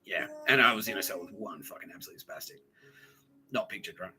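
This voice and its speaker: A man's voice: deep voice, a little fast, noisy background. A man hosting a podcast, telling a rambling comic story, often laughing and acting out the voices of people in it. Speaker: podcast host. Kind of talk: rambling comedic monologue.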